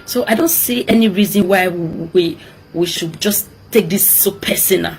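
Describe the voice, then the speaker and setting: A woman's voice: on the low side, normal speed, faint music behind. A woman from Edo State with a Nigerian accent, making an emotional, pleading appeal for peace and repeating her words often.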